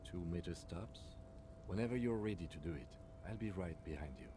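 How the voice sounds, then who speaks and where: An actor playing a calm, reserved police lieutenant in a video game, measured and polite. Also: male voice, low voice. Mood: reassuring.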